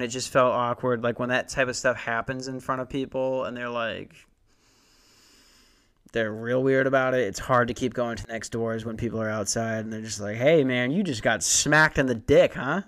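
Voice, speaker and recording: A man's voice: mid-range voice, little pitch movement, normal speed, fairly bright tone, smooth. A young man telling a rambling, profane, self-mocking story about his door-to-door sales job. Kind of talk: casual comedic storytelling monologue.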